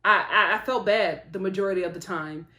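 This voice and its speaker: A woman giving a casual, animated vlog review of a reality show, sympathetic and chatty. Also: medium pitch, a little fast, echoey room.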